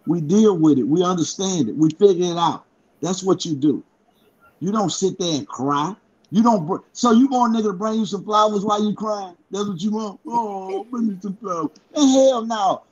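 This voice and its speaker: Blunt, husky-voiced man arguing on a panel. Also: high-pitched, normal speed, a little mellow, muffled recording. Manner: blunt, emphatic, profane. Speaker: podcast panelist. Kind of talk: heated casual debate.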